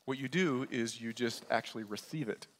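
A man's voice: medium pitch, moderate pace, fairly bright tone, a little hiss or hum. Pastor, male, conversational sermon delivery, mid-range voice, reverberant sanctuary. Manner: conversational preaching, often asks "right?". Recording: long church reverb.

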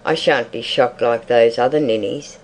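Reader doing a cold bold lady teasing a shy girl, pitched up a bit, audiobook. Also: normal speed, lightly acted, low-quality recording. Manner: teasing and worldly. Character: bold, cold, mocking woman bather.

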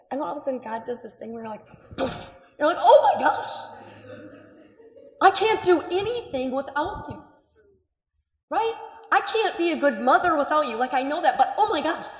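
A woman in her thirties preaching a sermon in a chatty, animated way, with asides and a strained voice. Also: sits high. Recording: echoey hall.

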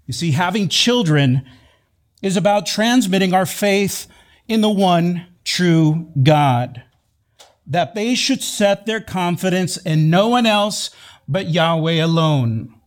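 A man preaching a sermon in a measured, emphatic way, repeating key phrases for weight. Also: high voice, lively intonation. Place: church sanctuary.

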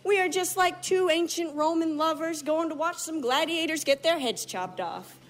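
A woman performing a lively story for a live audience, telling it vividly and acting out moments as she goes. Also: very high voice, normal speed. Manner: animated, vivid, acts out other people's lines.

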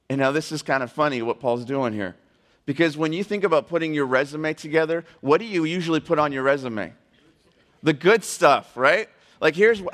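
A man giving a sermon, talking conversationally and slowing down to read scripture aloud. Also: fairly high pitch, a bit bright. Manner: earnest, conversational preaching with slow scripture readings. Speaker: pastor. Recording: long reverb of a hall.

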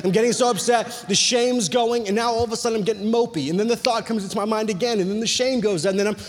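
Young male preacher, high voice, chatty storytelling sermon, hall reverb. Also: fast. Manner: animated, chatty storytelling with many "like"s.

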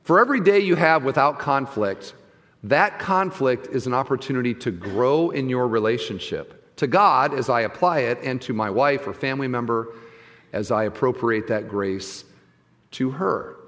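Pastor preaching in a reverberant church. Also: male voice, medium pitch, lively intonation, normal speed. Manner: conversational preaching, swings from soft to loud emphasis. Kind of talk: sermon. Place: church sanctuary.

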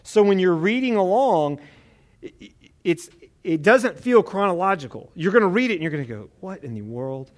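A man preaching a Bible teaching sermon in a conversational, animated way, often checking in with the listeners. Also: high voice, moderate pace.

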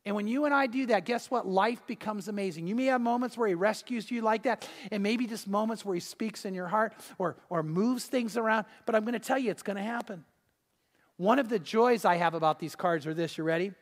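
A man preaching a sermon, telling a story and swinging between loud and hushed delivery. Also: high voice, fairly quick, in a large hall. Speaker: pastor. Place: church hall.

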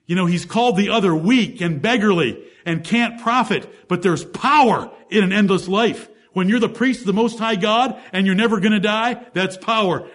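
A man with a high voice preaches a sermon, working through Bible verses one at a time with emphasis and putting rhetorical questions to the congregation.

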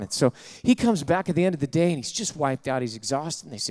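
Pastor preaching a sermon. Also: male voice, a little high, fast talker, hardly any pauses, darkish tone. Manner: storytelling, builds to rousing call-and-response.

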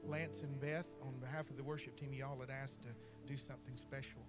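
A pastor with a drawl speaks in an earnest, heartfelt way from the front of a church. His voice sits at a middle pitch. Loud music plays behind him the whole time. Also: flat delivery, a little fast. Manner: earnest, heartfelt, reads from notes. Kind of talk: church announcement.

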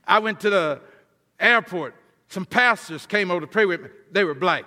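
A man giving a sermon as a guest preacher, emphatic and building toward near-shouts, often repeating words as he goes. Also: a little high, animated, normal speed. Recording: long hall reverb.

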